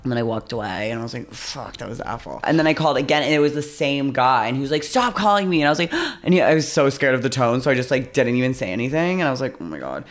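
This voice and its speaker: A man's voice: medium pitch, lively intonation, fast, hardly any pauses, soft background music. A young man, a podcast co-host, chatting casually and rambling through stories full of "like" fillers. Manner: rambling storyteller, heavy use of "like", acts out quotes. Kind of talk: casual chat.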